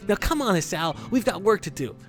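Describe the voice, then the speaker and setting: A man voicing a peppy, bossy teenage girl runner while reading a visual novel aloud, brisk and cheerfully scolding. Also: sits high, sing-song, fairly bright tone, faint music behind, pitched above the performer's own voice. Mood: pushy.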